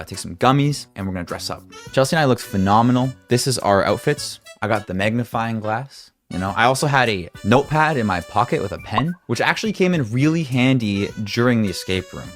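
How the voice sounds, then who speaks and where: A young man excitedly telling a story-time vlog, swinging between loud outbursts and hushed asides, with some swearing and stammering. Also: medium pitch, a little fast, few pauses, faint music behind.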